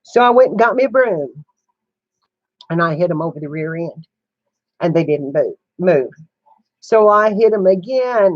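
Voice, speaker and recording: An older woman hosts a casual livestream from a home room with a sewing setup. She is a chatty storyteller with a mid-range voice and lively intonation, unhurried and pausing often, who laughs a lot and greets viewers mid-story as they come in. The sound is lo-fi with no echo.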